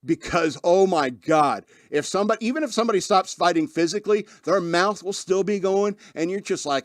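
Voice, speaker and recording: Man, podcast host, rambling casual monologue, laughs a lot, slightly high voice, dry close mic. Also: fairly quick, few pauses, no room sound. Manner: rambling, laughs often, acts out quoted voices.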